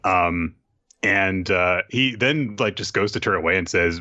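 A man's voice: low-pitched, a little slow, sharp tone, highs cut off. A man hosting a podcast, recapping an anime episode in loose casual chat with lots of fillers and restarts. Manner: rambling, many fillers and restarts.

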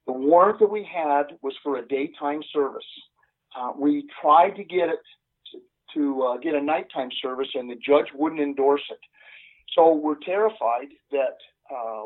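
An older man recounts his police days in an earnest, halting way, stopping often on "uh". His voice sits a bit high for a man. He comes through a thin, tinny phone line. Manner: earnest, halting with many "uh" fillers. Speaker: retired police sergeant. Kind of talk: telling a story in an interview.

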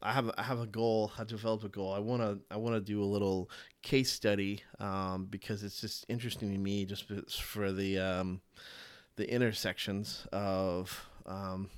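Hesitant low-voiced man musing solo. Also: flat delivery, clear, resonant tone, dry recording. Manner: halting, many fillers and restarts; acts out quoted voices with sudden high pitch jumps. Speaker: podcast host. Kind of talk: solo podcast monologue on leadership.

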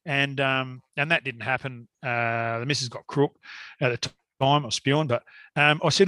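A man's voice: mid-range voice, fairly even intonation, moderate pace, sharp tone, no room sound. A middle-aged Australian man telling a long story in casual conversation, rambling and laughing often. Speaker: guest hunter.

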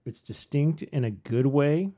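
A woman podcast cohost chatting casually, speaking slowly and deliberately. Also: low-pitched, dark tone. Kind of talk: casual chat.

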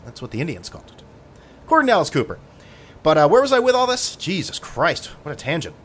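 A man's voice: fairly high pitch, huge pitch swings, quick pace, husky. A man hosting a podcast, talking in a sardonic, profane, rambling monologue full of tangents. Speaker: podcast host.

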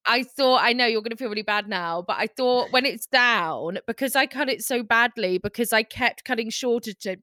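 A woman co-hosting a podcast who tells animated, self-deprecating stories in casual chat. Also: on the high side, normal speed, hardly any pauses, dry recording, studio quality. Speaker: podcast co-host.

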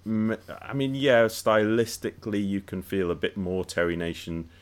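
A man with a very deep, low voice talks through a podcast discussion in a relaxed, unscripted way. He often restarts his sentences and repeats words while he gathers his thoughts. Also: moderate pace. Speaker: podcast co-host.

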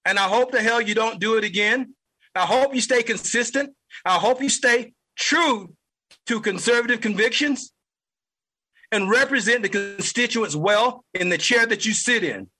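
A man's voice: very high voice, moderate pace, bright, forceful tone, slightly rough, poor audio. A man hosting a political podcast, delivering an angry, heated monologue and repeating lines for emphasis. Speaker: podcast host.

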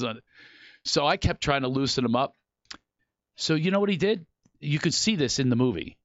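A man from Philadelphia, a comedian guest, telling comic stories in a casual chat with animated, self-mocking energy. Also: mid-range voice, no room sound, dull audio.

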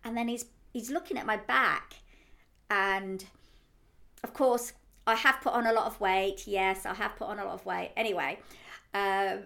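A woman's voice: mid-range voice, steady tone, normal speed, creaky, fairly bright tone. Giggly woman telling a chatty anecdote. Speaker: co-host. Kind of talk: casual chat.

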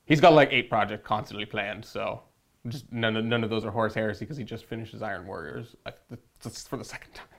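A man's voice: on the low side, fast talker, vocal fry. Rambling jokey young man co-hosting. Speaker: co-host. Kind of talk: casual chat.

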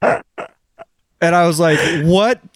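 A man's voice: fairly high pitch, brisk, no echo, studio quality. A young man co-hosting a casual podcast, telling stories animatedly, laughing and swearing. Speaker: podcast co-host and editor.

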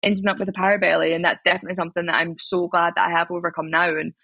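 A Scottish woman in her twenties, chatting in an interview and telling stories in an animated way with lots of fillers. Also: fairly low pitch, very fast, gravelly, no echo. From Scotland. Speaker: interviewee, athlete. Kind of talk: casual interview chat.

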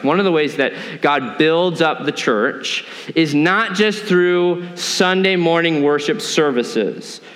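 High-voiced male pastor preaching. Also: fairly bright tone, long reverb tail. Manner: earnest, asks the congregation questions. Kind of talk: sermon. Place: church sanctuary.

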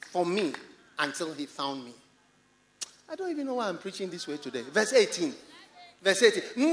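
A man with a Ghanaian English accent preaching in a large church hall. His voice sits very high and sounds bright and forceful. He swings his pitch widely, teasing and laughing as he drives his points home. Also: moderate pace. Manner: animated, laughing, mimicking excuses in a high voice. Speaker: pastor. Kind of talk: sermon.

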